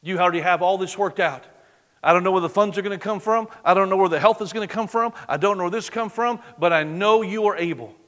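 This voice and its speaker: A man preaching a sermon in church, swinging from loud exclamation to hushed, intimate prayer. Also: sits high, quick pace. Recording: long reverb of a large hall.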